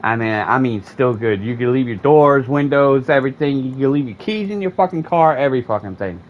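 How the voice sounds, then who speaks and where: While streaming a game, a male streamer tells a profane, rambling story in casual chat. His medium-pitched voice is expressive and fairly quick, picked up by a dull, lo-fi mic with faint air conditioning humming behind it.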